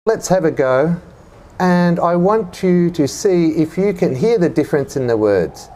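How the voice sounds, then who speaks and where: A man teaching English phonics, who models words clearly and has listeners repeat them and pick out the sound they hear. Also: a little high, lively intonation, a little slow, a little mellow. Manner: drills words for repetition, quizzes the listener. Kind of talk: slow, clearly enunciated teaching.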